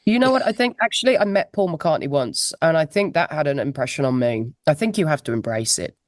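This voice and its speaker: A woman's voice: low voice, expressive, brisk, no echo, studio quality. A woman, a musician guest telling anecdotes in a chatty, laughing way over a laptop video call. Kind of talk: casual interview chat.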